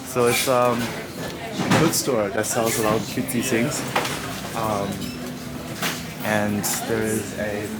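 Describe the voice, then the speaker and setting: A man's voice: fairly low pitch, flat delivery, slow, long pauses. A man vlogging a walk around town with friends, chatting casually and rambling with lots of fillers. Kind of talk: casual chat. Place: busy city streets outdoors. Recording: loud street noise behind. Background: loud street ambience.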